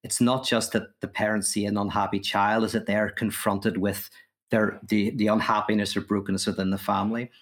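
A man co-hosting a podcast, explaining an idea in a measured way during a casual discussion. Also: on the low side, little pitch movement. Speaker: podcast co-host.

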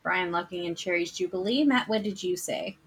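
A woman's voice: lowish voice, a little fast, a bit bright, a little hiss or hum. A woman hosting a trivia game, reading questions aloud and playfully teasing the players.

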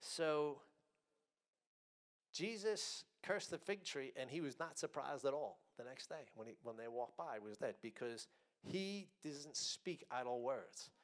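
A man preaching a sermon. He speaks emphatically, slows on key words, and swings between loud and soft. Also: medium pitch, lively intonation.

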